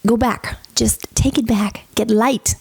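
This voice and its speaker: A woman's voice: fairly high pitch, steady tone, slow, vocal fry, slightly rough, dry recording. A woman teaching singing, explaining technique and breaking into sung examples with a light, flowing delivery. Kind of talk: vocal lesson with sung demonstrations.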